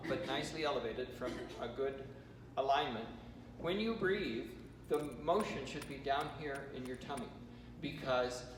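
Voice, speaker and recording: An American man leading a choir rehearsal warm-up, giving chatty instructions with joking asides. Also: medium pitch. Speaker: choir vocal coach. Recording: roomy hall, from far off, noisy.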